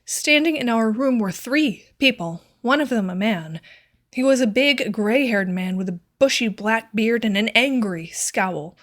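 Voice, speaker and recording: A woman's voice: on the high side, animated, a bit bright. Woman reading a classic story aloud. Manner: measured, clear storytelling. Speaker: audiobook reader. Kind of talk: scripted narration.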